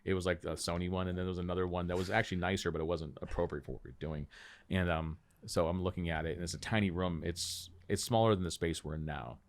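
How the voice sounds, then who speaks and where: A man on a podcast telling stories from his acting work in a casual, animated way, acting out other people's lines as he goes. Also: sits low, fast. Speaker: podcast guest, actor. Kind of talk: casual storytelling chat. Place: small podcast room.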